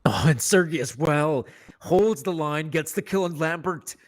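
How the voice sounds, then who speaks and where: A man's voice: fairly high pitch, measured pace. Man casting esports play-by-play. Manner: analytical, joking. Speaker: esports caster. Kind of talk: live play-by-play commentary.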